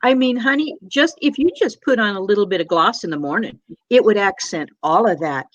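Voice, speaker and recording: A woman's voice: mid-range voice, lively intonation, brisk, no room sound, dull audio. A woman on a video call, effusive and full of compliments and endearments. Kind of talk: casual chat.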